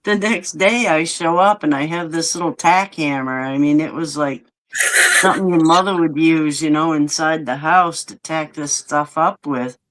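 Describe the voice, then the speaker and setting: A man in casual chat, telling a work story in an unhurried, laid-back way. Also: a little high, fairly bright tone, poor audio.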